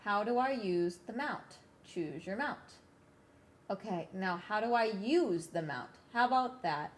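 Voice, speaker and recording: A woman's voice: medium pitch, expressive, a little slow. A woman streamer in casual chat, ranting with exasperation and swearing, while she is sick.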